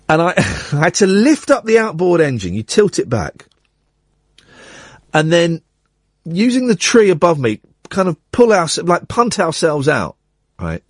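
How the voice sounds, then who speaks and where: Man, middle-aged, husky voice, very animated pitch, radio storytelling, dry studio. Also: no room sound. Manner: animated anecdote with acted-out quotes. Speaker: radio host.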